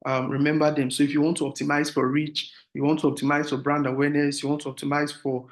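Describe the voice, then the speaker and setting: A man's voice: a little high, level tone, quick pace. A man teaching an online marketing class over a video call. He explains step by step and keeps checking with "do you understand?". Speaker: marketing instructor. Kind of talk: online class with screen share.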